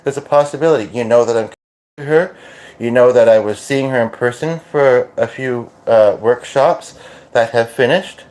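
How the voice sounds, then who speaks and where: A Canadian man talks through a casual channeling session on his podcast. His speech stops and restarts often, padded with fillers. His pitch is an ordinary middle for a man. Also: normal speed, darkish tone. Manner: hesitant, full of restarts and fillers. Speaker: podcaster and medium.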